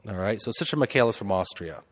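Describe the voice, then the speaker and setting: A man's voice: lowish voice, animated, quick pace, long reverb tail. A man, a priest, telling a loose, conversational story in a homily, full of fillers and asides.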